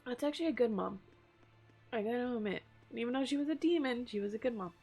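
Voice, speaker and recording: A woman's voice: on the high side, quick pace, a little mellow, soft background music. A woman streaming a video game, reacting emotionally, swearing and laughing. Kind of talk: casual live-stream commentary.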